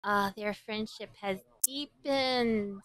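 A woman's voice: medium pitch, takes it slowly, fairly bright tone, no room sound. A young woman from Hawaii hosting an anime reaction, commenting as she watches with gasps, squeals and giggly outbursts.

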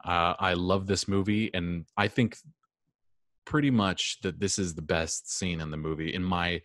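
Man, teacher, very low voice, dry close recording, casual rambling lecture, lots of ums. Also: fairly even intonation, measured pace, a bit bright, dry recording. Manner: casual, rambling with frequent um and restarts. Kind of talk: classroom lecture.

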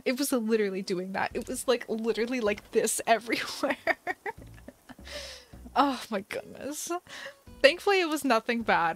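A young woman casually telling a story while streaming a game, chatty and animated with many fillers and laughs. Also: fairly high pitch. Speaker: gaming livestream host.

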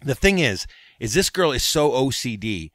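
Man, comic gossipy storyteller, lively ups and downs, bright voice, dry close sound. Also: medium pitch, moderate pace, no echo. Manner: animated gossipy retelling. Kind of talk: comedic anecdote telling.

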